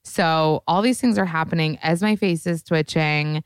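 A woman's voice: deep voice, moderate pace, smooth, dry recording, clean studio sound. A woman hosting her own podcast, chatting candidly and casually with lots of swearing and fillers. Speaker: podcast host. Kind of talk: casual solo podcast chat.

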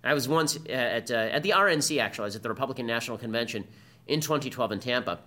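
Hosting a podcast, this man gives a combative, rapid-fire political monologue. His mid-range voice is expressive, pushed and bright.

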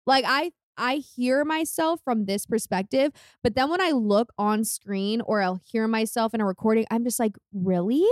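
A woman's voice: a little high, normal speed, few pauses, no room sound, clean studio sound. A woman in her twenties from California, a podcast guest telling stories in a chatty way, laughing as she goes. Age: 20s. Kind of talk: casual chat.

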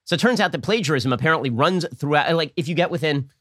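Rapid-fire sarcastic male political commentator. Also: on the high side, lively intonation, a bit bright, no room sound, clean studio sound. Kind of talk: fast-paced political commentary monologue.

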